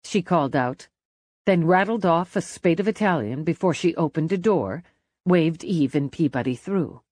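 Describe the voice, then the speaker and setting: A woman narrating a mystery audiobook in a measured, expressive manner, close to the mic. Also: on the low side, no echo. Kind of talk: scripted narration.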